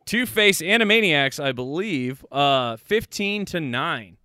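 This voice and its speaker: A man's voice: fairly high pitch, animated, slow pace, sharp tone, smooth, no room sound. A young man hosting a casual podcast chat, tallying votes with jokes and casual swearing. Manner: joking, upbeat, swears casually.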